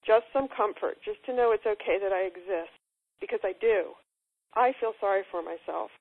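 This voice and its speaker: A woman's voice: mid-range voice, moderate pace, close to an everyday voice. A woman reading aloud the lines of a neglected little girl, plaintive and reproachful. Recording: tinny phone line.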